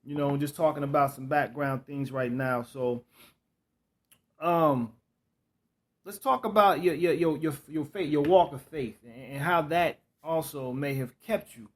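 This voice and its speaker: A man's voice: on the high side, unhurried. A man hosting an interview who keeps affirming his guest and asks long, searching questions. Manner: affirming, with frequent backchannel responses. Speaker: interview host. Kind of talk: casual interview talk.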